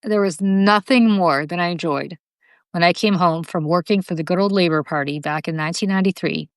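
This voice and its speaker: A woman from the United States co-hosting a casual political chat, animated and teasing, laughing often. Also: fairly low pitch, clean tone, dry recording. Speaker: podcast co-host.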